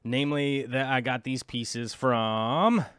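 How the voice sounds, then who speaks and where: This aquarium hobby vlogger has a medium-pitched, slightly bright, smooth voice and speaks slowly. The dry recording is studio quality. He chats casually while browsing links, rambling and scatterbrained, interrupting himself as he looks things up.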